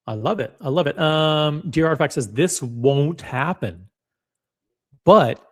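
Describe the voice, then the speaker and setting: A man hosting a casual livestream, chatty and blunt, reading viewer comments aloud with quick restarts and self-deprecating asides. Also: mid-range voice. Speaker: livestream host reacting to watch predictions.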